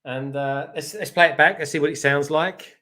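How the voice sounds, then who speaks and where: Relaxed man rambling on a livestream. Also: on the high side, normal speed. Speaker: guest on livestream. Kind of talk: casual livestream chat.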